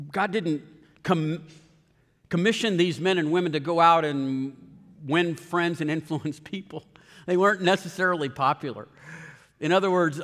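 Earnest preaching man, echoing hall. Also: a little high. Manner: earnest, animated storytelling with quoted voices. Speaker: pastor. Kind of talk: sermon. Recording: long hall reverb.

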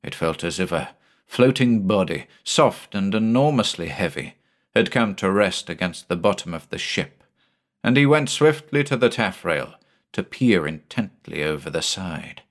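A man reading a horror story aloud as audiobook narration, in a measured, even storytelling manner. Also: low voice.

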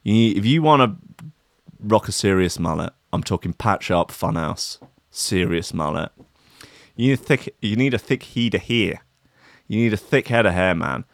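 A man, riffing sarcastically on a news story. He swears freely and rambles, and his pitch swings a lot. The sound is dry and close. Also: animated, moderate pace, dry recording. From Australia. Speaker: comedy commentator. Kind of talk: sarcastic comedic news riff.

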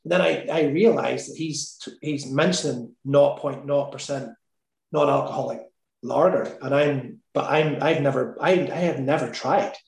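Give me an Irish guy talking frankly in a casual chat, with a middle-pitched voice and an echoey room. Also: moderate pace, vocal fry. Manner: candid, laughing, sweary. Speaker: guest. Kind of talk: casual storytelling. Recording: roomy echo.

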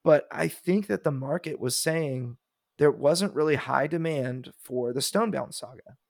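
A man's voice: on the high side, measured pace, creaky, darkish tone, no echo, clean studio sound. A man co-hosting a podcast in casual chat, wry and blunt, firing off rhetorical questions. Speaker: podcast co-host.

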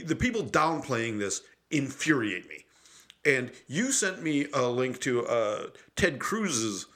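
A man's voice: mid-range voice, bright, forceful tone. A man co-hosting a podcast, talking politics in a heated, profane rant. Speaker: podcast co-host. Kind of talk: casual political chat.

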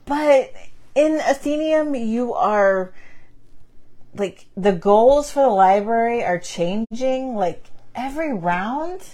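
A woman's voice: a little high, expressive, slow, mellow. A woman co-hosting a board game chat, talking casually and putting herself down with frequent laughs. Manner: chatty, self-deprecating, laughs often. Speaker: board game podcast co-host. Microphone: on camera, table mic.

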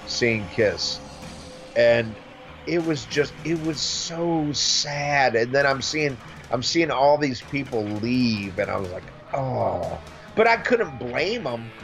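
A middle-aged man in casual chat, animated and swearing freely, often mimicking others. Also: medium pitch.

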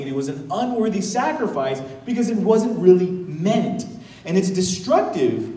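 A man preaching as pastor in a conversational, animated way, with casual asides and laughter. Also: high-pitched, roomy sound, recorded from a distance, poor audio. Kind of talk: sermon. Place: church sanctuary.

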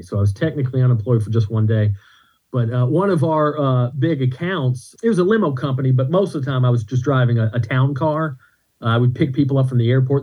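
A man's voice: medium pitch, breathy edge, highs cut off. A man, a comedian on a podcast, telling rambling stories in a casual chat with restarts. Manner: rambling anecdotes with restarts and laughs.

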